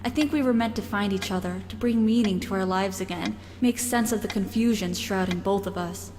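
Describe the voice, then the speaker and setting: A woman voicing a young wife who reads her love letter in a soft, dreamy way, from a game. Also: medium pitch, fairly quick, in a large hall, noisy background, close to an everyday voice. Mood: tender.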